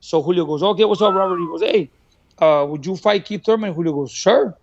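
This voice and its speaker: A man's voice: high voice, fairly quick, lo-fi sound. A man, a boxing trainer from Mexico, telling a story as a podcast guest, acting out what people said and laughing often. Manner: animated, acts out quoted dialogue, laughs often. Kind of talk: casual storytelling. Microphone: studio podcast mic.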